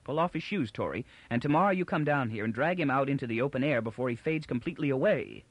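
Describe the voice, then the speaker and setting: A man's voice: medium pitch, fast talker, no echo, voice pushed up, close to an everyday voice. A man voicing a decisive, bossy young woman who scolds and fusses in a caring way. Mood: scolding.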